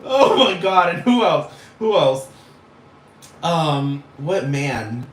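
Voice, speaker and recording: A man's voice: a little high, very slow, echoey room. A man ranting casually to camera in a vlog, swearing and emphatic, full of slang. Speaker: vlogger.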